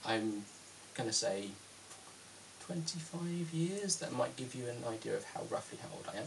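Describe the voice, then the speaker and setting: A man's voice: medium pitch, lively intonation, moderate pace, creaky, far from the mic, noisy background. A man in his thirties from London with a British accent, answering viewer questions in a chatty, self-deprecating vlog with frequent ums. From London, England. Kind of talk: casual Q&A vlog.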